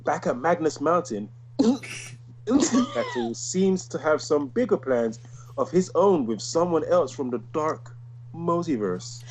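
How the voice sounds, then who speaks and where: A man's voice: on the high side, a little slow, background noise. A man co-hosting a podcast, joking in casual chat. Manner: joking, animated. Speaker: podcast co-host.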